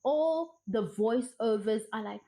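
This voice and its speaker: A woman giving blunt, profane commentary, ranting emphatically and mocking others in put-on soft voices. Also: on the high side, animated, slow, poor audio. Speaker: social commentary vlogger.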